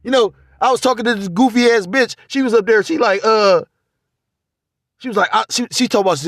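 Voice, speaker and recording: A man's voice: high-pitched, fairly quick, creaky, no echo, studio quality. A man vlogging a casual spiritual monologue, rambling and profane. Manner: profane, rambling, animated ranting.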